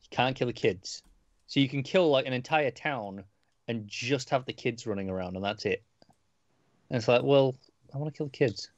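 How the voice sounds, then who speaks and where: A man's voice: mid-range voice, normal speed, no echo, highs cut off. Wry man in a casual podcast chat. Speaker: podcast co-host.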